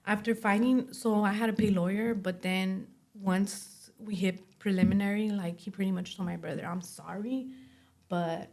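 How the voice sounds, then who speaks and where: A woman's voice: mid-range voice, steady tone, moderate pace, creaky, a little mellow. A woman in her late twenties, a podcast guest, telling her story casually with lots of "like" and acted-out quotes. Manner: chatty, fills speech with "like", acts out quoted dialogue.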